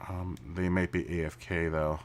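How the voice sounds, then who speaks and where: A man's voice: deep voice, little pitch movement, normal speed, a little hiss or hum. A man live streaming a racing game, chatting casually with viewers, laughing often and restarting his sentences. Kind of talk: casual chat while gaming. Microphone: studio mic through mixer.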